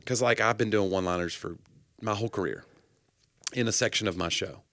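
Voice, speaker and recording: Wry comedian on a podcast, low voice. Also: male voice, fairly quick, no echo. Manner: wry, dry humor, drops into quiet asides. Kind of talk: casual chat.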